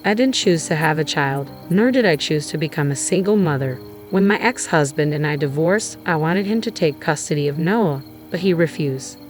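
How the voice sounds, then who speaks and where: A woman voicing a distraught, defensive young mother who pleads and turns shrill when shocked, with music playing underneath. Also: lively intonation, moderate pace, few pauses. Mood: pleading.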